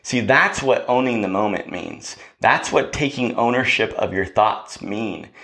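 A man's voice: fairly low pitch, measured pace, sharp tone. A man hosting a podcast, giving a motivational talk in a preachy way, often checking in with "right?". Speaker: podcast host.

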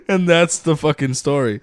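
A man's voice: sits high, dry recording, studio quality. A young man from California co-hosting a casual podcast, telling a story full of swearing and laughter. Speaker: podcast co-host.

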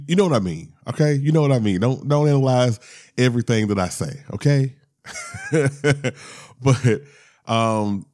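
A man's voice: lowish voice, darkish tone. Rambling laid-back male podcast host. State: tired after a heavy weekend of drinking. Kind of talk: casual podcast chat.

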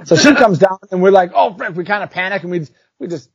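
A man telling a childhood story in casual chat, animated and chatty, full of fillers. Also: sits high, fast, dry recording. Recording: dull lo-fi recording.

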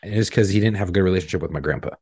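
A man with a husky voice in casual, profane chat, telling stories bluntly and animatedly. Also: low-pitched, racing, a little mellow, dry recording, studio quality.

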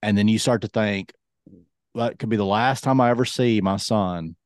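This is a podcast co-host in his thirties, talking at normal speed with a fairly low pitch during a casual chat. Earnest in tone, he drops his voice whenever he gets serious, and the studio-quality recording is dry.

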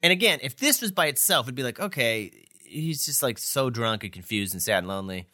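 A man's voice: mid-range voice, a little fast. A man co-hosting a podcast, chatting casually as he recaps a TV episode and laughs along. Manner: animated storyteller who laughs often. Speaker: podcast co-host.

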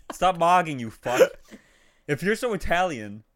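A man's voice: a little high, a bit bright. A young man co-hosting a casual podcast, joking and interrupting with quips. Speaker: podcast co-host. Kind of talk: casual chat.

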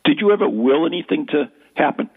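A man's voice: on the high side, expressive, brisk, slightly rough. An older man hosting a radio show in a jokey, rambling, self-mocking chat. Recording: tinny phone-like radio audio.

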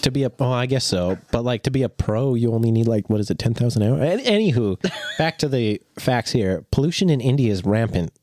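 A man's voice: medium pitch, expressive, a little fast, hardly any pauses, darkish tone. A man co-hosting a comedy podcast, reading silly facts in a mock-serious tone while fighting back laughter. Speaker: podcast co-host.

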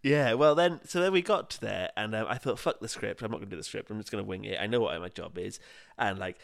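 A man's voice: on the low side, fast talker, vocal fry. A man, co-hosting a podcast and telling an anecdote in casual chat, laughing often and acting out what people said. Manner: laughs often, acts out quotes in other voices. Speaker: podcast co-host.

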